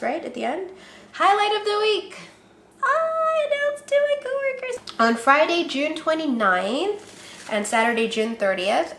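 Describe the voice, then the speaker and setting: A woman's voice: a little high, a bit bright, a little hiss or hum. Bubbly young woman vlogging, roomy sound. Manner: bubbly, laughs often, acts out quoted voices. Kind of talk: casual vlog chat. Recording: roomy echo.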